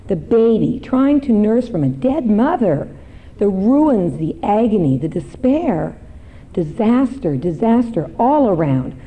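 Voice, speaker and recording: A woman's voice: medium pitch, dark tone, rough recording. A woman giving a dramatic reading of a poem to a church gathering. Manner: slow, building to anguished cries. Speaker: congregation member reading a poem.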